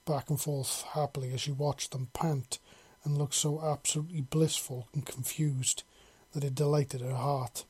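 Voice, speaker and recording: A man narrating a story in a steady, unhurried reading. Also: medium pitch, breathy edge.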